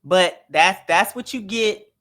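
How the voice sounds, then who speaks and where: A woman's voice: medium pitch, slow pace, fairly bright tone. A woman hosting an opinionated commentary show, speaking emphatically and repeating lines for effect. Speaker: commentary channel host.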